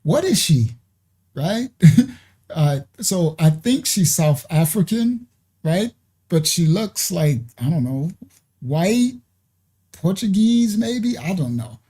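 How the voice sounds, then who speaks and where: A man with a fairly high but very dark, mellow voice talks casually to his audience. He chats and hesitates his way through a reaction video, addressing the viewers as "y'all.". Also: sing-song, slow pace, pauses often, slightly rough.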